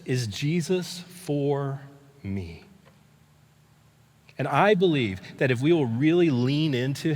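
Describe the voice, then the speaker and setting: An older man preaching a sermon as pastor, telling stories conversationally with frequent restarts and fillers. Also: fairly low pitch. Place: church sanctuary. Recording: long hall reverb.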